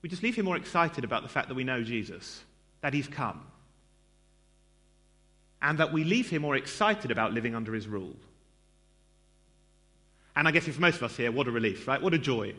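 A man's voice: mid-range voice, very animated, fairly quick, pauses often, sharp tone. A man giving a conversational sermon in a church, self-deprecating and chatty, with lots of fillers and asides to the congregation. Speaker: preacher.

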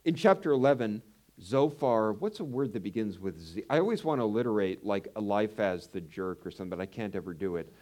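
A man preaching a conversational Bible teaching, animated and telling personal stories. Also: fairly low pitch, a little fast. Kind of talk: sermon.

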